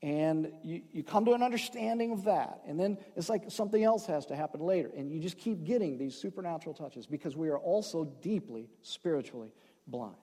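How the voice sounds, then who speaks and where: A man preaching in a church sanctuary with a high-pitched voice, his words trailing into a long hall reverb. He talks conversationally, tossing in asides and jokes, then drops to a hush and slows down for emphasis. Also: animated. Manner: swings between loud emphasis and hushed, slowed phrases. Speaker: pastor. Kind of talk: sermon.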